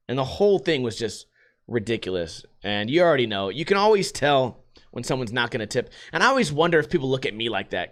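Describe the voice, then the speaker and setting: A young adult man from Las Vegas telling stories in a casual, profane rant, acting out what other people said. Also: mid-range voice. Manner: profane, animated, acts out quotes in other voices. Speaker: podcast host.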